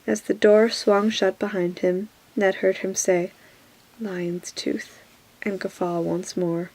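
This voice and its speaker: A woman reading a novel aloud in a soft whispered role-play. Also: mid-range voice, steady tone, unhurried, rough recording. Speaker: reader.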